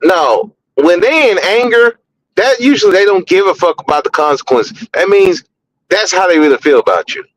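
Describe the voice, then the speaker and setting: Blunt high-voiced man ranting on a podcast. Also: lively intonation, moderate pace, slight background noise, low-quality recording. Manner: blunt, profane, repeats words when heated. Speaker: podcast host. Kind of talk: opinionated podcast commentary.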